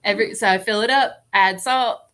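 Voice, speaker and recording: A woman telling a story as a guest in a casual chat, animated and laughing often. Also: mid-range voice, fairly quick.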